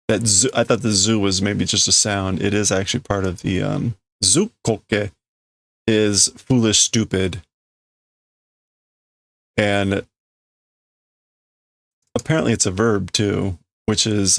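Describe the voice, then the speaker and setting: A man's voice: on the low side, vocal fry, no echo. A man casually translating manga on a live stream, thinking aloud, correcting himself and chuckling as he works out meanings. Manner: musing, self-correcting, chuckling.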